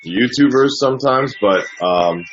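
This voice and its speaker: Slow-talking laid-back man on a livestream. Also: medium pitch, expressive. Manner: laid-back, swears freely, trails off in thought. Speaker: YouTuber hosting a live Q&A. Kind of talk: casual livestream chat, reading out viewer questions. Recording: dull lo-fi stream audio with faint background music.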